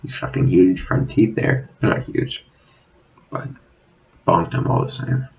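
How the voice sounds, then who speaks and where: A young man talking casually in a rambling, self-deprecating monologue, swearing often and filling pauses with "like" and "um". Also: deep voice, vocal fry, a little mellow, poor audio. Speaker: vlogger. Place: at home, drinking.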